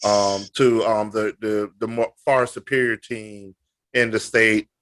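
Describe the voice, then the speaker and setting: A man co-hosting a sports podcast, boastful and animated, halting with many fillers. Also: fairly low pitch, no echo. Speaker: podcast co-host. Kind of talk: casual sports podcast chat.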